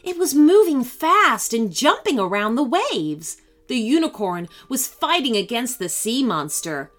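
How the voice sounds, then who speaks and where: A woman narrating a children's story in an expressive, animated way. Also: fairly high pitch, measured pace.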